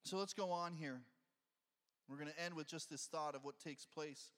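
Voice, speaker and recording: A man's voice: on the high side, moderate pace, fairly bright tone, big-room sound. A male pastor preaching a conversational sermon and reading scripture aloud, heard in a church sanctuary.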